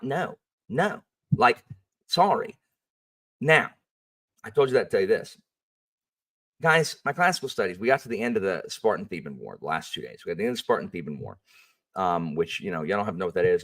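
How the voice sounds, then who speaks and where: A man who works as a history teacher, telling a story in a casual, animated and rambling way, full of fillers. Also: lowish voice, distant mic.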